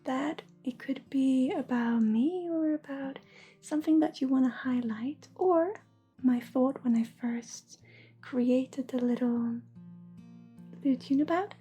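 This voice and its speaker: A woman with a Swedish accent hosting a livestream as an intuitive reader, talking softly and often half-whispering, affectionate with viewers. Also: sits high, a little slow, faint music behind. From Sweden.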